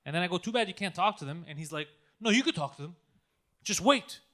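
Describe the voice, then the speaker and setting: High bright-voiced man telling a comic story. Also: lively intonation, quick pace. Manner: storytelling, acts out phone calls with laughing asides. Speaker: podcast host. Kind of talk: casual comedy podcast chat.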